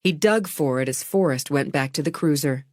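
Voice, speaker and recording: A woman narrating an audiobook in an even, measured way. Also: sits low, no echo, clean studio sound. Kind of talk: scripted narration.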